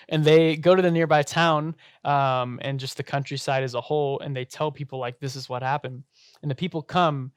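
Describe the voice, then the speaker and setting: A young man casually retelling a Bible story in a relaxed study talk, with lots of fillers and light laughter. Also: on the high side, clear, resonant tone, no echo, clean studio sound. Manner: chatty, filler-heavy retelling with frequent laughs.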